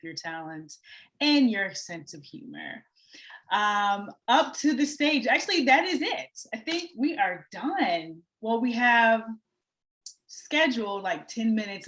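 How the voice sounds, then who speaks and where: A woman emceeing a poetry event, thanking performers in a warm, informal and complimentary way. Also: fairly low pitch. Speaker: event host. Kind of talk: emcee remarks.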